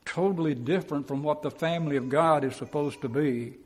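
A man's voice: fairly high pitch, brisk, slightly rough, big-room sound. A man preaching a Bible class sermon in a folksy, plainspoken way, acting out quotes and chuckling.

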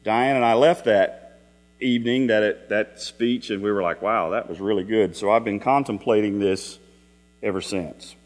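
A man's voice: on the low side, unhurried. A middle-aged man preaching a Sunday evening sermon in a church, telling folksy stories and asking the congregation rhetorical questions. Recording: long hall reverb with mains hum.

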